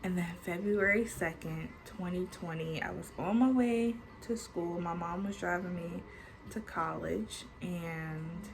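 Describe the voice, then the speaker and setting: A woman in her twenties tells a story to her vlog audience at an unhurried, drawn-out pace. She chats casually, swears freely and leans on "like" constantly. A faint hum of room noise sits under her voice. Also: fairly low pitch. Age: 20s. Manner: chatty, swears freely, many filler likes. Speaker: storytime vlogger.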